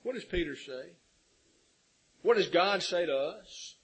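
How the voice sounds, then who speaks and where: Husky-voiced man preaching a sermon. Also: high-pitched, animated, measured pace, long pauses, fairly bright tone, poor audio. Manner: preaching with rhetorical questions and swelling emphasis. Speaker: pastor.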